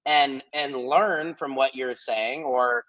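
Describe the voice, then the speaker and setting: A man's voice: medium pitch, slow pace, bright, forceful tone, rough recording. A man co-hosting a podcast in casual chat, teasing and upbeat. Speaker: podcast co-host.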